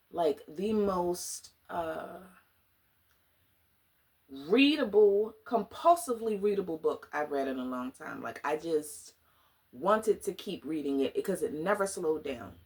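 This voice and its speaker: A woman chatting casually in a book review vlog, animated and slangy, dramatic and often laughing. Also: lowish voice, takes it slowly, creaky. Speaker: book vlogger.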